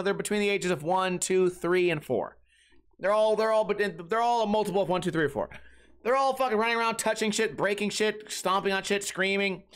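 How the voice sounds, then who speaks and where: A man hosting a comedy podcast, telling rambling, profane stories in a casual, animated way. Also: high-pitched. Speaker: podcast host.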